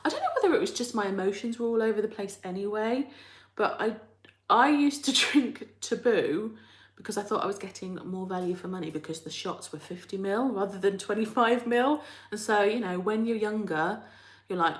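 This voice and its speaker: A woman hosting a live chat, reading out viewer comments in a rambling, chatty way and laughing often. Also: medium pitch. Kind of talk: casual chat. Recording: roomy echo.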